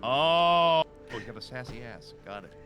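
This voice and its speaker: A man's voice: medium pitch, moderate pace, faint music behind. A man chatting casually on a stream while building a model kit, joking and riffing with quips. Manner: jokey, animated, riffing with quips.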